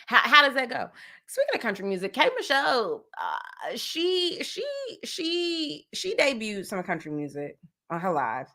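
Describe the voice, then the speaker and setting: Bright-voiced Jersey woman chatting pop culture. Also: fairly high pitch, a little slow. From New Jersey. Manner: animated, playful, breaks into sung parody bits. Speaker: podcast host. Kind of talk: casual pop culture chat.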